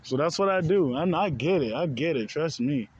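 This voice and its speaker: A man's voice: a little high, expressive, moderate pace, a little mellow, dull audio. A man with a slightly raised voice vents in a heated, profane rant and keeps circling back to the same points. He calls his listeners bro over and over. A faint hum of traffic sits behind him. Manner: heated, profane, repetitive, says bro often. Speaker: spiritual vlogger. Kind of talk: casual rant to camera.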